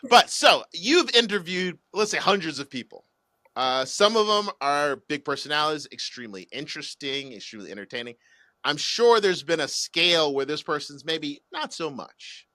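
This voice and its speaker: A man's voice: on the high side, moderate pace, dry recording. Joking man co-hosting a podcast. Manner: joking, animated storyteller. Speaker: podcast co-host. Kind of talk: casual podcast chat.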